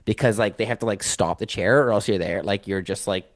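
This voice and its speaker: A man's voice: on the low side, fairly quick. A man guest on a casual podcast, telling a story in a rambling way, full of "like" and restarts. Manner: rambling, heavy use of "like", many restarts.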